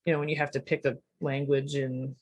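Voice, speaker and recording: A woman's voice: very deep voice, little pitch movement, fairly quick, darkish tone. A woman in her forties from Rhode Island, a podcast guest chatting casually with lots of fillers and laughter. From Rhode Island, USA. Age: 40s. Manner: rambling, filler-heavy, laughing storyteller. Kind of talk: casual chat.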